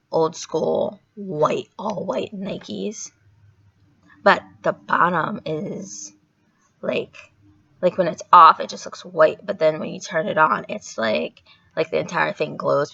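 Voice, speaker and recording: A woman's voice: on the low side, creaky. A young woman vlogger casually retelling a story in a chatty, rambling way, with a sore throat. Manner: chatty, filler-heavy, animated retelling. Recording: dull lo-fi recording.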